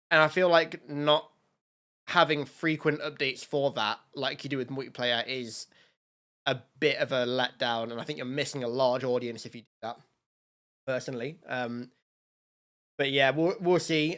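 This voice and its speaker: A man's voice: medium pitch, a bit bright. Chatty man streaming live. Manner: rambling, thanks donors by name, many fillers. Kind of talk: casual livestream chat.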